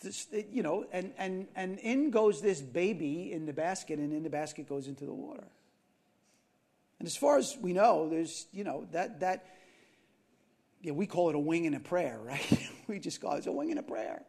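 High, lively male preacher. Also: normal speed, vocal fry. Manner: animated storytelling with asides and questions to the audience. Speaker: pastor. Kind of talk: sermon.

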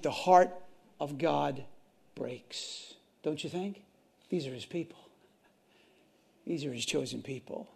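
A man preaching a sermon to his congregation, impassioned, swinging from loud to hushed and repeating phrases. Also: high voice, gravelly. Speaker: pastor.

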